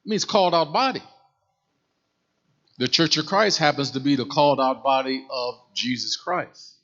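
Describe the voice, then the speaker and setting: A man's voice: mid-range voice, moderate pace, a bit bright, lo-fi sound. A man teaching a Bible study class. He tells folksy stories and asks the class questions.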